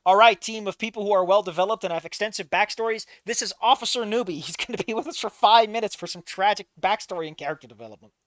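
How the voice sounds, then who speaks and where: A man's voice: high voice, fast, few pauses, fairly bright tone, dry recording. A man giving casual, sarcastic read-along commentary on a fan fiction, exasperated and swearing often.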